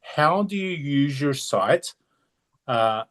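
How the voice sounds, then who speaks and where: A man's voice: fairly high pitch, lively intonation, slow pace, fairly bright tone. A man with an Australian accent co-hosting a podcast in casual chat, talkative and prone to tangents. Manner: chatty, rambling, steers off on tangents. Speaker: podcast co-host.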